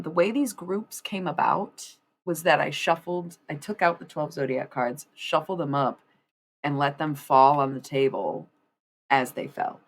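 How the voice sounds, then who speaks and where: A young woman streamer chatting casually to her viewers while laying out a tarot spread, rambling, laughing often and swearing freely. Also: deep voice. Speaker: streamer doing tarot readings. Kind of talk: casual live-stream chat.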